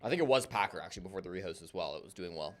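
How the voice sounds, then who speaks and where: A man's voice: low-pitched, lively intonation, rapid-fire. A man casually co-casting an esports match on stream, joking with chat and calling plays. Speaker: co-stream caster. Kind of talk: casual game commentary.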